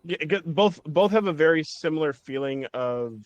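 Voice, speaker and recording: A man's voice: on the high side, lively intonation, moderate pace, lo-fi sound. A man commentating a speedrun race in a rambling, self-mocking way. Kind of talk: casual game commentary.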